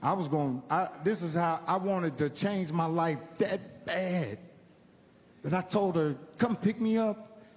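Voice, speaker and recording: A man, originally from Indiana, telling profane, animated stand-up stories and acting out the people in them. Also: high-pitched, unhurried, in a large hall. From Indiana, United States. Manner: profane, animated, acts out characters' voices. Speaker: stand-up comedian. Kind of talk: stand-up storytelling.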